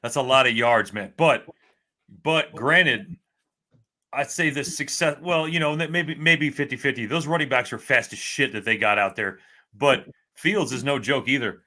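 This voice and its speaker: Male podcast co-host, forceful bright tone, excitable fan chat. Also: mid-range voice, moderate pace. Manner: excitable, candid fan talk. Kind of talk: casual sports talk.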